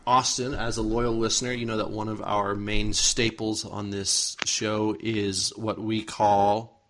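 A man's voice: lowish voice, level tone, measured pace, a bit bright. Man hosting a podcast, leading the talk. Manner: friendly, leads the conversation, laughs easily. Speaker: podcast host. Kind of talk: casual chat.

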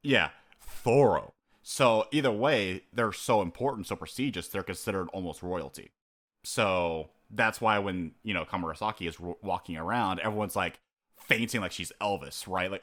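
A podcast co-host with a low voice chats casually at a moderate pace. He's animated, performing characters' lines and his own reactions, and laughs often.

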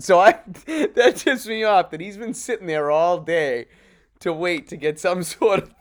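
Man, casual co-host, jokey and laughing, slightly high voice. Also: expressive, normal speed, smooth. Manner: joking, laughs often. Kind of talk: casual chat.

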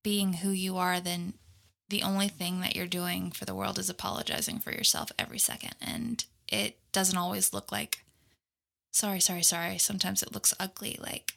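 A woman's voice: medium pitch, little pitch movement, normal speed, creaky, bright, forceful tone. A woman co-hosting a podcast, responding to the guest in a supportive, enthusiastic way. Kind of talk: casual interview chat.

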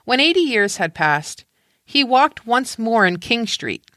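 A woman reads a story aloud with calm, measured pacing. Her tone is bright and clear, and the sound is dry and close. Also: on the high side, no echo. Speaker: narrator. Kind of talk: literary reading.

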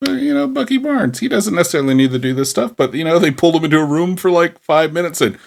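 A man in casual podcast banter, his pitch moving widely up and down. He talks loosely, with casual swearing and animated outbursts. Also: quick pace, creaky, a little hiss or hum. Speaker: podcast co-host. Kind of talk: casual chat.

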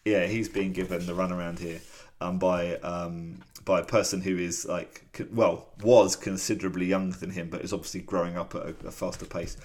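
Deep-voiced chatty man. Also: level tone, brisk. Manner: chatty and rambling, with many fillers and laughs. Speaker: podcast co-host. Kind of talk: casual chat.

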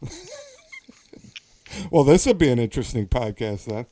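A man co-hosting a casual podcast over drinks, talking haltingly with many ums and frequent laughs. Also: mid-range voice, expressive, mellow. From Wisconsin. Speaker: podcast co-host.

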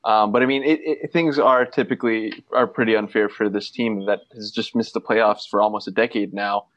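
A man's voice: on the low side, fairly even intonation, fairly quick, fairly bright tone, dry recording, dull audio. A man co-hosting a casual sports podcast, rambling and joking with lots of fillers. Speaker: podcast co-host.

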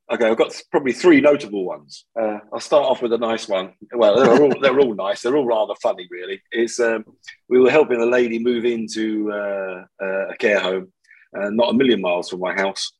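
A man's voice: mid-range voice, moderate pace, slightly rough, poor audio. A man, a podcast guest, chatting casually and telling funny anecdotes, laughing often. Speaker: podcast guest, removals business owner. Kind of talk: casual storytelling chat.

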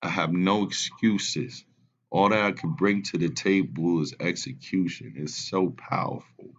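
A man in his twenties telling a family story in casual podcast chat, animated and laughing often. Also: low-pitched, measured pace, dull audio. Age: 20s.

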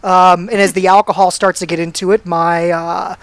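A man's voice: high-pitched, little pitch movement, moderate pace, vocal fry, clear, resonant tone, no echo. Man, easygoing storyteller, self-mocking, dry close sound. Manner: laid-back, self-deprecating storytelling. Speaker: storyteller guest. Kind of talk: casual anecdote telling.

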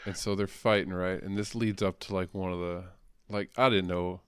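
A man's voice: deep voice, fairly even intonation, moderate pace, fairly bright tone, smooth, no room sound. A man co-hosting a casual comic book podcast, crude and joking, rambling with lots of fillers. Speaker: podcast co-host.

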